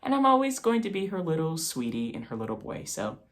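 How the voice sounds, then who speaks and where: This is an eighteen-year-old man with a bright, crisp tone, chatting casually to the camera. He tells animated family stories and slips into quick impressions. His delivery is lively and relaxed. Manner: animated, mimics his mother with jumps in pitch. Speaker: vlog host.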